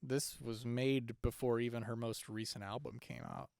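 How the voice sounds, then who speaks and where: Gravelly young man chatting casually. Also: mid-range voice, steady tone, normal speed, darkish tone, no echo. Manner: rambling, hesitant, lots of fillers and restarts. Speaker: podcast co-host. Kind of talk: casual chat.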